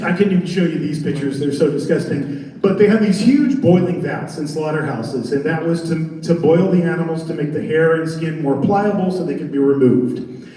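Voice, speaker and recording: A man presenting on a convention panel as a haunted attraction designer, telling his story in an animated, joking way. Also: fairly high pitch. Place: large convention center hall. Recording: echoey convention hall from far off.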